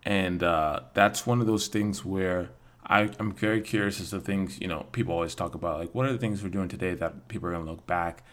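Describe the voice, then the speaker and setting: Young male podcast guest, deep voice, relaxed, stumbles on restarts. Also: brisk. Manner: easygoing, stammers on restarts. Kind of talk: casual podcast chat.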